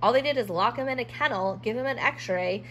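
A woman's voice: a little high, brisk, a bit bright, slight background noise, poor audio. A woman telling a casual storytime vlog about her dog, frustrated, acting out both sides of past conversations.

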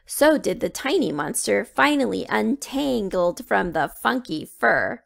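Slow gravelly woman reading aloud. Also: medium pitch. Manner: expressive, slow storytelling. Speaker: children's book reader. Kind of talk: storybook read-aloud.

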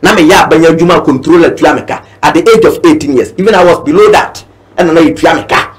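A man's voice: a little high, fast, reverberant. A man with a Ghanaian accent, speaking as a guest with fiery, declaiming political passion and switching between languages. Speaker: guest, party supporter. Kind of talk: impassioned political talk.

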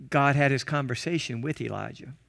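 A man preaching a sermon as a guest pastor, animated and acting out quoted prayers and shouts. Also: medium pitch, brisk, vocal fry. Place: church.

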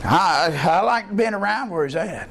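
Man, pastor, sermon, folksy storytelling, high voice, faint room hum behind. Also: moderate pace, gravelly. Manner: folksy storytelling preaching, rising to excited high-pitched bursts. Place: church.

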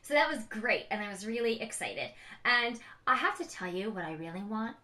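A middle-aged woman rambles in a casual vlog, frank and emotional as she talks. Her voice sits a little high and sounds bright and clear. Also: expressive, normal speed. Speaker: beauty vlogger, mother. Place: home.

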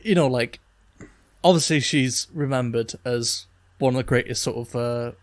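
A podcast co-host chats casually and loosely, laughing often and using lots of fillers, especially "like." His mid-range voice moves at normal speed, with no room sound.

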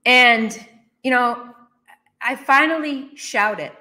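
A woman's voice: a little high, slow, sharp tone. A woman in her thirties or forties telling a personal business story as a motivational speaker, acting out her own reactions with laughs.

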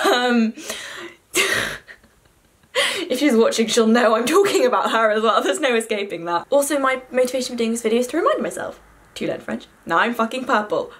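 A woman's voice: fairly high pitch, expressive, moderate pace, long pauses, fairly bright tone. A young woman, chatting to camera in a self-deprecating, casual way with the odd swear word. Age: young adult. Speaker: vlogger.

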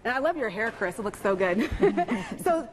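A woman reporting live for morning TV from inside a school, upbeat and chatty, quick to laugh. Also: fairly high pitch, sing-song. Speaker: lifestyle reporter. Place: middle school, indoors. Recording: echoey room with faint background noise.

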